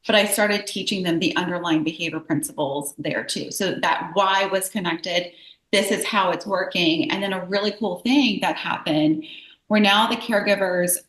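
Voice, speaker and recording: A woman's voice: lowish voice, moderate pace, fairly bright tone. A woman in her thirties, a guest on an interview podcast, telling heartfelt stories in a conversational way with many fillers. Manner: earnest, emotional storytelling with frequent "like" and "um". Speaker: guest, behavior analyst and business owner. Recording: echoey room.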